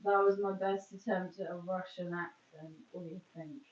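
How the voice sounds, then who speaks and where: A woman's voice: lowish voice, steady tone, normal speed, a little mellow, a little hiss or hum. A woman streaming live, chatting casually while she does her makeup, rambling and breaking off mid-sentence. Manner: chatty, rambling, self-interrupting. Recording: roomy, distant, dull sound.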